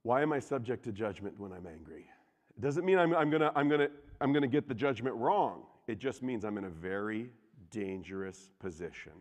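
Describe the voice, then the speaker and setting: A man preaching a sermon, animated and jokey, asking the congregation questions. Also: on the low side, a little fast. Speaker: pastor. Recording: reverberant hall.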